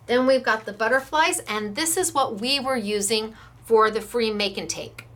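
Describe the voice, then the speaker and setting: A woman's voice: fairly high pitch, normal speed, fairly bright tone. An American woman who runs a craft shop, chatting enthusiastically as she demonstrates stamps and dies and gushes over the samples.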